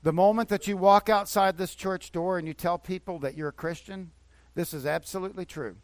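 A man's voice: high-pitched, brisk, no echo. A man preaching a sermon as a pastor, talking earnestly and conversationally, repeating phrases for emphasis. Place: church.

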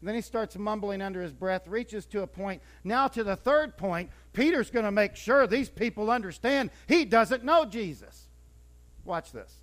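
A man delivers a sermon in a high-sitting voice at a moderate pace, telling the story in a lively, conversational way. He acts out scenes as he goes, with a few stumbles and restarts.

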